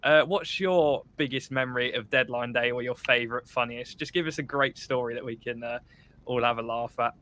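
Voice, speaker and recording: Jokey bright-voiced English host. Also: male voice, mid-range voice, a little fast, slight background noise. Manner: jokey, laughs often, steers the chat. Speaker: podcast host. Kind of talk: casual group chat.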